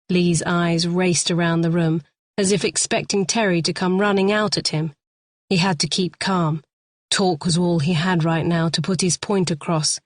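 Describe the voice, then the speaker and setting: A woman narrating a thriller audiobook in a tense, measured storytelling manner. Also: lowish voice, fairly even intonation, dry recording, clean studio sound.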